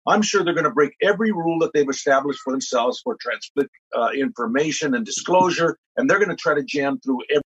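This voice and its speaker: A man's voice: on the high side, animated, fast, few pauses, slightly rough, lo-fi sound. A man being interviewed as a lobbyist, stumbling through restarts and fillers. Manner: hesitant, full of restarts and fillers. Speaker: lobbyist guest. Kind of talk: interview conversation.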